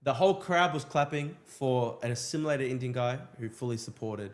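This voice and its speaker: A man hosting a livestream and commenting quickly and chattily on a speech at a rally. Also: mid-range voice, noisy background. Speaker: livestream host. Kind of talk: live commentary. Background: crowd.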